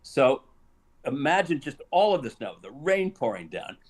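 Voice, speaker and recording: An older man holds the floor as an interview guest, telling a behind-the-scenes story in an animated way. He chuckles often and acts out the lines people said. His voice sits at an everyday middle pitch. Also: normal speed, breathy edge. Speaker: guest actor.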